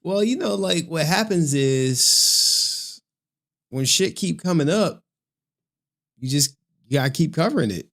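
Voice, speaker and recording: A man's voice: fairly high pitch, animated, a little slow, creaky, pauses often, fairly bright tone. Tired, chatty man streaming commentary. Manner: loose, chatty, swears casually. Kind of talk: casual live-stream commentary.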